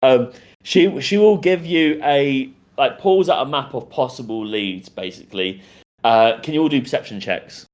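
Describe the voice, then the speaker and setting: A man narrating as dungeon master in a playful, rambling way. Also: mid-range voice. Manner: rambling, playful, quick asides. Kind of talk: narrating a tabletop game.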